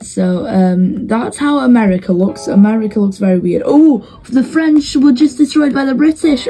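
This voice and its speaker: A woman talks through a game as it plays out, her mellow, darker voice wandering between thoughts. She fills pauses with ums and half-finished restarts, with a faint hiss behind her. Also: on the high side, animated, low-quality recording. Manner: rambling and hesitant, many fillers and restarts. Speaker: video host commentating a map simulation. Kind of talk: casual game commentary.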